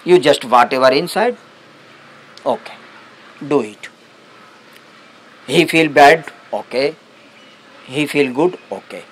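A male spiritual teacher giving a satsang talk on meditation, speaking unhurried, halting English with many restarts. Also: mid-range voice, expressive, breathy edge, poor audio.

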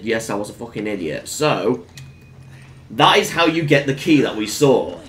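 Excitable low-voiced gamer. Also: male voice, moderate pace, slight background noise. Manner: excitable, bursts into exclamations. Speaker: gameplay commentator. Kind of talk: casual let's-play commentary.

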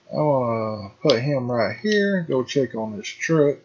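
A middle-aged man drawls through casual game commentary, speaking slowly in a husky, slightly rough voice. He rambles warmly toward his viewers and calls them folks. The sound is dull and lo-fi, like a cheap home mic. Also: medium pitch, sing-song. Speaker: gaming channel host.

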